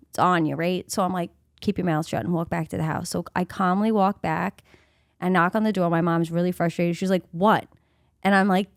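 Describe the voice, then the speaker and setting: Animated woman telling stories on a podcast. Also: medium pitch, no echo, clean studio sound. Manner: animated storyteller, acts out quoted voices, laughs often. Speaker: podcast co-host. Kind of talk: casual storytelling chat.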